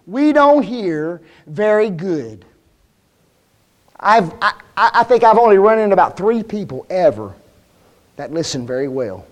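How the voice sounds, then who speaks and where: A male preacher with a high voice that swoops up and down as he talks. He keeps the sermon folksy and plain-spoken and throws question after question at the congregation. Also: very animated, a little slow. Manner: asks the congregation frequent rhetorical questions.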